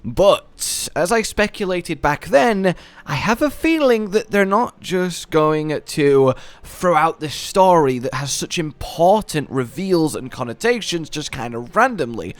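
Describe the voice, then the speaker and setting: A man's voice: fairly high pitch, unhurried, dry recording. A man hosting a gaming video, talking through game lore in a playful, jokey way. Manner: playful, jokey wordplay, animated.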